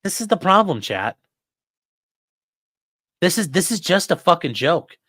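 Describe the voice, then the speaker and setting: A man's voice: sits high, big pitch swings, measured pace, pushed and bright, no room sound, studio quality. A man hosting live legal commentary, talking bluntly and with lots of swearing. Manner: blunt, profane, exasperated. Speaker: lawyer and commentary host.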